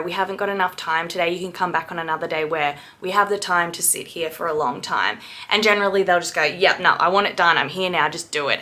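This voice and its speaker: A woman's voice: mid-range voice, pushed and bright. A woman who works as a piercer, giving a blunt, indignant reaction rant and swearing freely. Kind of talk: ranting reaction commentary.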